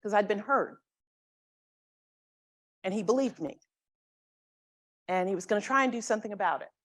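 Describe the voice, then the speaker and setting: A middle-aged woman from the South Bronx giving a lecture as a guest speaker, telling a story in a lively, conversational way and acting out what others said. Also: mid-range voice, normal speed. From South Bronx, New York. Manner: animated, conversational, acts out quoted speech.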